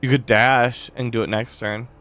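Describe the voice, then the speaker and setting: A man's voice: mid-range voice, fairly even intonation, normal speed, fairly bright tone, soft background music. A man narrating and ruling as dungeon master of a tabletop game, easygoing and focused on the rules.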